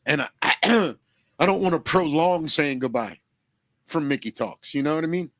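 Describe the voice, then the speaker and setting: Podcast co-host, man, earnest and shaken, tearful, bright tense tone. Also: on the high side, expressive, dry recording. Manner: earnest, emotional, swearing, halting restarts. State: close to tears. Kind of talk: emotional podcast talk.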